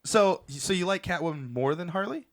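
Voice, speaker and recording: A man's voice: sits high, expressive, normal speed. A young man hosting a casual gaming podcast, playful and egging his co-hosts on. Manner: playful, eggs others on. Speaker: podcast host.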